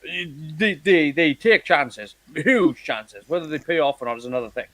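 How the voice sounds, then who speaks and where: A man co-hosting a casual chat about a TV series, talking in halting bursts with many restarts and repeated words. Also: on the high side, fairly bright tone, dry recording. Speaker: podcast co-host.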